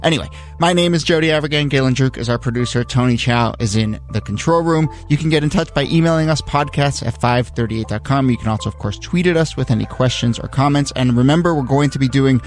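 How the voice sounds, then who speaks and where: A man's voice: medium pitch, quick pace, hardly any pauses, faint music behind. A man hosting a podcast, steering the discussion with questions and reading the sign-off. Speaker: podcast host. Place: studio. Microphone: studio mic.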